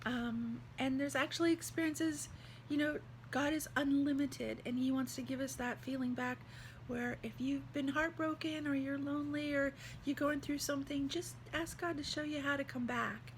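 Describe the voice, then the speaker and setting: A woman's voice: sits high, steady tone, moderate pace, slight background noise, low-quality recording. A woman vlogger talking in an earnest, heartfelt, rambling way about faith. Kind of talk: casual devotional vlog talk.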